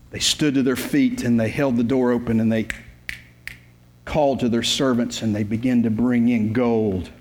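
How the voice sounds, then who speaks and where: A man, preaching a sermon as a pastor. He tells the story in an emphatic, repetitive way with folksy humor. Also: mid-range voice. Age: 50s.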